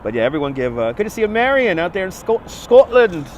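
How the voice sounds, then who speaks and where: A man's voice: high-pitched, big pitch swings, quick pace. A man hosting a live walking stream from a phone on a gimbal, greeting viewers by name in a chatty, upbeat way, his nose a bit stuffy. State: slightly stuffy nose, voice may crack. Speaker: livestream host. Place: outdoors on a city street. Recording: faint street and traffic noise.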